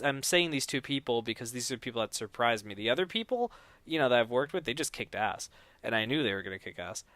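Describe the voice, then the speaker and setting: A man's voice: medium pitch, smooth, no room sound. A man talking casually on a podcast about making no-budget films, rambling with many restarts and acting out quoted dialogue. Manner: acts out quoted dialogue loudly. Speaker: podcast guest, no-budget filmmaker.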